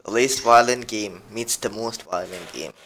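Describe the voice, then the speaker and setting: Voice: mid-range voice, moderate pace, fairly bright tone, a little hiss or hum. A podcast co-host chatting casually, giggling and rambling while reading aloud. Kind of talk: casual chat.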